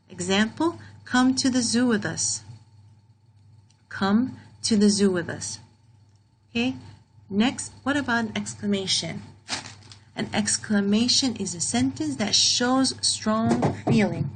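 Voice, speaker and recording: A woman teaching a grammar lesson to young pupils, speaking slowly and patiently and repeating key phrases. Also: mid-range voice, slight background noise, poor audio. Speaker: primary school teacher.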